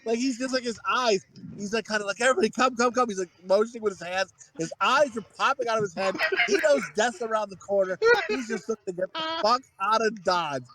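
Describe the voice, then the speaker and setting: A man's voice: high voice, fairly quick, hardly any pauses, pushed and bright, slight background noise. A man co-hosting a podcast, telling rambling, profane stories in casual chat, full of fillers and restarts. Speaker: podcast co-host.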